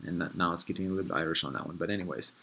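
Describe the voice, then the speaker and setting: Meandering man musing aloud, low-voiced. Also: very fast, fairly bright tone, breathy edge. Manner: meandering, thinks aloud with frequent restarts; easygoing, conversational slang. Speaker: host. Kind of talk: casual reflective monologue.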